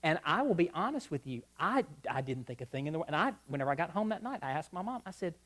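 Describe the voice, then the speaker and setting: A man's voice: a little high, fast talker. A middle-aged man giving a humorous marriage talk at a church conference, telling stories and acting out both sides of conversations. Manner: lively storyteller, acts out both sides of dialogues. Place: church sanctuary before a live audience.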